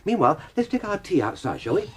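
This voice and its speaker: A man's voice: sits high, sing-song, fast. A man presenting a children's radio show in a jolly, theatrical way, on a hissy old cassette tape. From England. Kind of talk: scripted children's radio chat.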